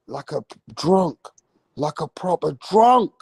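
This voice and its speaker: A man chatting on a live stream about boxing, slangy and repetitive, his voice sitting a little higher than most men's. He talks slowly and drawn-out, and the sound is close and dry with no room around it. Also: lively intonation, creaky, darkish tone, slightly rough, no echo, low-quality recording. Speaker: livestream boxing host. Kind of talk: casual live-stream chat.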